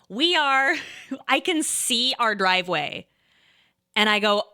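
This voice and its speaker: A woman in her thirties casually telling a rambling story, pausing and restarting often and breaking into laughs. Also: fairly high pitch, expressive, sharp tone, smooth. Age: 30s. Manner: hesitant, rambling, laughing often, quotes herself and others.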